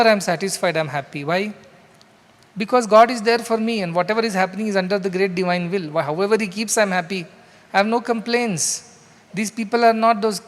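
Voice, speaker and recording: A man with an Indian English accent gives a spiritual discourse in a large hall, explaining scripture loosely and conversationally through a story. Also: high voice. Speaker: spiritual speaker. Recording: long hall reverb.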